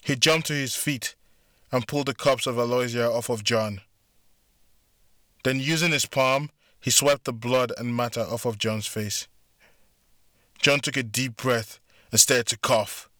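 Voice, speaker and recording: A man narrating a story in a deliberate, steady way. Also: medium pitch, no echo, studio quality. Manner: slow, deliberate. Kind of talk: scripted narration.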